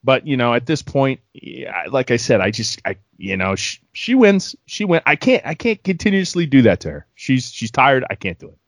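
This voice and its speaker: Forties male co-host, rambling and lively, tight dry mic. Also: mid-range voice, moderate pace, few pauses, dry recording. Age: 40s. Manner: rambling, repeats words when earnest. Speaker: podcast co-host. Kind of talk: casual sports chat.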